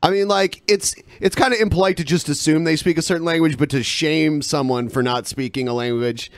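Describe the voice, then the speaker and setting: A man's voice: a little high, steady tone, a little fast, no room sound. Laid-back man on a podcast. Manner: laid-back, hedging, reads out sponsors. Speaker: podcast co-host. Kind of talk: casual chat.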